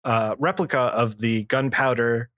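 At a measured pace and with a slightly bright voice, this podcast co-host casually discusses comic books, rambling through plot recaps with many fillers and restarts. He acts out characters in a lower voice, recorded dry on a close mic.

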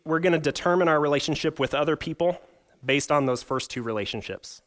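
A young adult pastor with a fairly high voice preaches fairly quickly. His sermon blends scripture reading with rhetorical questions and a humorous personal story.

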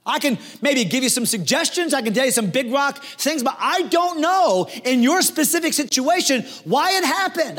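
Male pastor with a high voice, preaching in an animated, theatrical way. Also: normal speed, few pauses. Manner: animated preaching, acts out quoted voices, swings from hushed to loud. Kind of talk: sermon.

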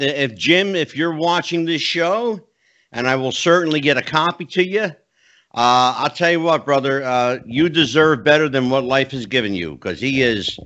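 Brief: male host, bright forceful tone, emphatic, dull lo-fi recording. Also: medium pitch. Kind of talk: casual interview chat. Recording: dull lo-fi sound.

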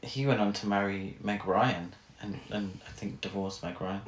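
A man's voice: on the low side, normal speed, roomy sound. A man co-hosting a casual chat, making jokey, camp asides and wry quips. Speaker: podcast co-host.

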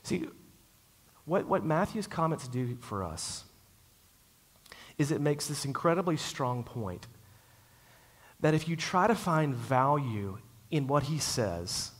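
A man preaching a sermon in a conversational, storytelling way, slowing down to stress key lines. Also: mid-range voice. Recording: long hall reverb.

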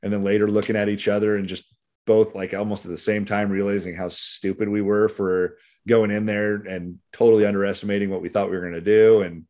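A man's voice: lowish voice, flat delivery, brisk, dark tone. A middle-aged man with a Californian accent, a sheriff's deputy telling stories in a casual interview, rambling with many fillers. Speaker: sheriff's deputy and author, podcast guest.

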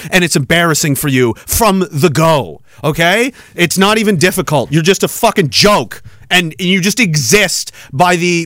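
Male podcast host, profane sarcastic rant, fairly high voice, dry close sound. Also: a bit bright, no room sound. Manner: angry, profane, sarcastic ranting. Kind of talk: ranting commentary, reading viewer comments.

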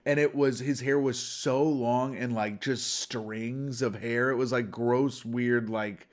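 A man's voice: mid-range voice, steady tone, slow pace. A man co-hosting a podcast in casual chat, telling rambling, profane stories full of "like". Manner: rambling, profane storytelling with lots of "like". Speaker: podcast co-host.

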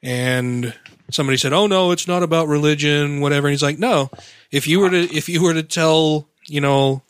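A man explaining things in a measured, occasionally profane way during a casual political chat. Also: on the high side, clear, resonant tone, no room sound, clean studio sound.

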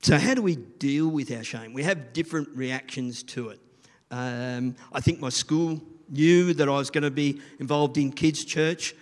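A man's voice: fairly high pitch, unhurried. Chatty man with a long echo. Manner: rambling, chatty, asks the listeners questions. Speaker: children's church leader. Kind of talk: informal sermon. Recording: long reverb of a large room.

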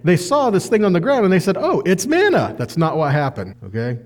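A man teaching a conversational sermon, animated and acting out the people in the story. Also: high-pitched, a little fast, long reverb tail. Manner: animated, acts out quoted voices. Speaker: bible teacher.

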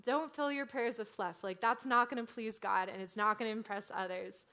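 A woman preaching a sermon in a casual, conversational way, often filling pauses with "like". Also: a little high, sharp tone. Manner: conversational, frequent "like" fillers.

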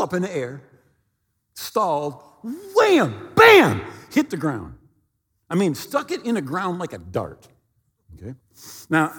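A male pastor preaching a sermon as an animated storyteller, acting out sounds and dialogue from his story. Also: a little high, slightly rough, in a large hall.

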